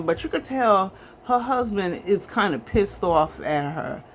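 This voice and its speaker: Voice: mid-range voice, lively intonation, a little slow, fairly bright tone, slight background noise. A movie reviewer casually recapping a film's plot in a rambling, chatty way, talking to viewers as y'all.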